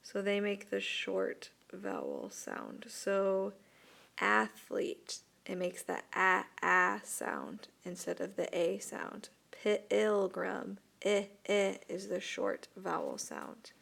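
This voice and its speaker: A woman teacher speaks slowly and patiently as she records a video lesson. Her voice has a gravelly edge of fry, and she walks her students through each step. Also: medium pitch, sing-song, fairly bright tone. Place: voice-over for an interactive whiteboard video.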